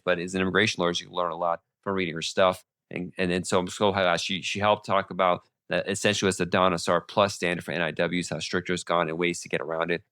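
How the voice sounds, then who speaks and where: A male podcast host with a sore throat, giving legal updates in a fast, casual monologue full of restarts and fillers. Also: low voice, a bit bright, dry recording, studio quality.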